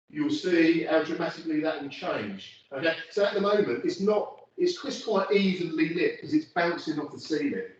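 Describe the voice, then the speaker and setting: Give me a chatty photography lecturer, recorded from across an echoey studio. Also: male voice, on the high side, a little mellow. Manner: chatty and rambling, many fillers. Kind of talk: casual studio demonstration to students. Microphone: phone camera from across the room. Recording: roomy, distant, dull audio with faint noise.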